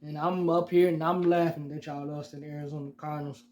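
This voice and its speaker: A man's voice: a little high, little pitch movement, quick pace, darkish tone. A man hosting his own sports podcast, ranting heatedly and mockingly at rival fans and repeating himself for emphasis. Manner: heated, repetitive, addresses fans directly; mocking and teasing. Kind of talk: solo sports rant.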